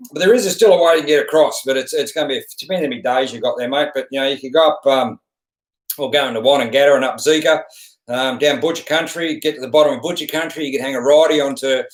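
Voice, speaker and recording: A man's voice: mid-range voice, roomy sound, rough recording. A middle-aged Australian man hosting a casual live stream, chatting in a laid-back, rambling way and calling everyone mate. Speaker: host of a live stream answering viewers.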